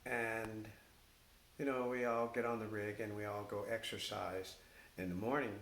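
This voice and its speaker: Halting older man telling a story. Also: lowish voice. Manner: halting, with many fillers and restarts, animated when quoting others. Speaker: retired firefighter recounting his career. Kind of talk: oral-history storytelling. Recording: echoey room with faint hiss.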